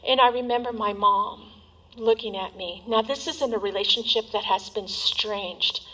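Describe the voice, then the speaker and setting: A woman's voice: mid-range voice, moderate pace, poor audio. Candid woman telling her recovery story. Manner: candid and emotional, with soft trailing asides. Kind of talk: personal testimony at a recovery meeting.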